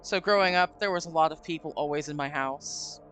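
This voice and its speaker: This streamer's voice is low, a bit bright, and fairly quick as she chats casually on her live stream. She tells a long, wandering tale with occasional swearing from her home setup, faint spooky music underneath.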